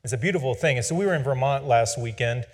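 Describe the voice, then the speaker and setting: A man in his forties tells a personal story in a casual, rambling way. He pokes fun at himself in an average-pitched voice. His voice trails off into a long reverb. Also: fast talker. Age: 40s. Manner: rambling, self-deprecating, humorous.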